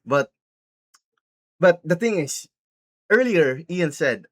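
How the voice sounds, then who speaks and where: A man recapping a film in a casual vlog style, rambling, excitable and profane. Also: a little high, slow pace. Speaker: movie reviewer.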